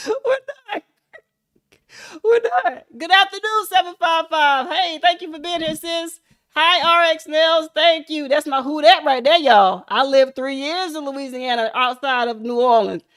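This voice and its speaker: A woman hosting a casual livestream, chatting and laughing with viewers in an animated, hyped-up way. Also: high voice, normal speed. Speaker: livestream host.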